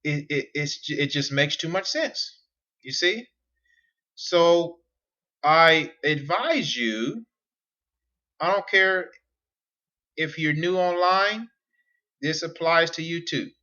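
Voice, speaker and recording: Teaching online business at a whiteboard, a man with a higher-pitched, bright and forceful voice takes his time and pauses often. His monologue is repetitive and emphatic, peppered with rhetorical questions, and the recording has its highs cut off.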